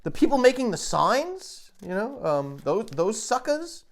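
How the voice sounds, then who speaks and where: A high-voiced man hosting a comedy podcast delivers a rambling, deadpan, absurd monologue. He halts and stammers, restarting often and leaning on "you know."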